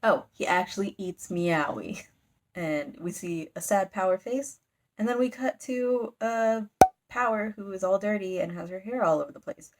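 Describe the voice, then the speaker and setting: A woman's voice: medium pitch, expressive, moderate pace, heavy background noise. A woman recapping a manga in a casual, rambling chat, giggling and using lots of fillers. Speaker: manga reviewer.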